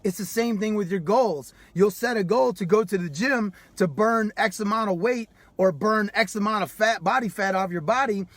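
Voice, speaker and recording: A man's voice: high voice, moderate pace, hardly any pauses, fairly bright tone, no echo. A man coaching on a live stream, hyped and street-casual, swearing freely and calling his viewers "man" and "baby". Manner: loose and unpolished, swears freely. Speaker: life coach. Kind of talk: live-streamed motivational talk.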